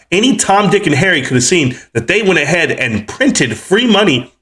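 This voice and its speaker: A man's voice: on the high side, big pitch swings, a little fast, few pauses, fairly bright tone. A man in his forties ranting heatedly on his livestream about the economy and stocks, cussing as he goes. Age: 40s. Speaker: livestream host.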